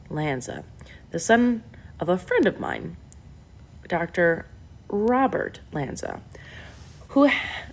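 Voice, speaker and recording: A woman with a low, gravelly voice voicing a friendly man introducing his family and warning of a coming storm in a storybook reading. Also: full character voice. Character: Australian man, a sailboat father.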